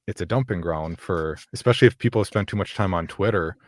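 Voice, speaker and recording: Chatty low-voiced man on a podcast. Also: dry recording. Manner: chatty and animated, quick asides, frequent laughs. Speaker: guest podcaster. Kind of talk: casual podcast chat.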